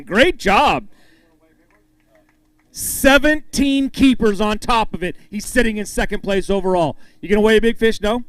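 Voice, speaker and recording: This man's high voice is a little bright, with no room sound. Acting as tournament emcee at a fishing weigh-in, he calls up anglers, reads weights, and jokes with them in an upbeat way, hyping every angler.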